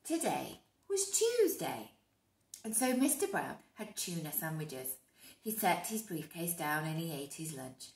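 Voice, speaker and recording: A woman reading a picture book aloud to children, animated, with hushed whispered asides to her young listeners. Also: low voice, unhurried. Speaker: storyteller. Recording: echoey room.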